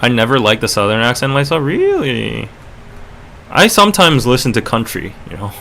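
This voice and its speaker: A man's voice: mid-range voice, wildly swooping pitch, moderate pace, vocal fry, bright, forceful tone, slight background noise. A man hosting a casual livestream podcast with a North American accent, rambling and chatty with lots of fillers. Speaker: podcast host.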